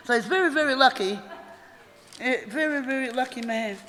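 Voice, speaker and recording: High-voiced Australian woman giving eulogy. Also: moderate pace, a bit bright. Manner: chatty, rambling, laughing through stories. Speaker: eulogy speaker. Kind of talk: funeral eulogy, anecdotal storytelling. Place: funeral hall. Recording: echoey hall with faint noise.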